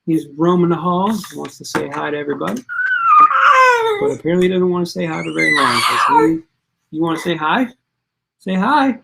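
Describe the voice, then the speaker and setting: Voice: mid-range voice, expressive, fairly quick, creaky, heavy background noise. A parent hosting a casual online quiz stream for students, chatting and reading out players' answers and scores. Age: adult parent.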